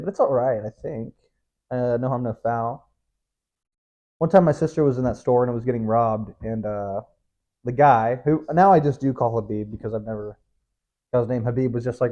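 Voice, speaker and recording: Rambling, swearing young man, mellow tone. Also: medium pitch. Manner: rambling, profane, self-interrupting, laughs often. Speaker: podcast host. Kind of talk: casual rambling monologue. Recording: dull lo-fi recording.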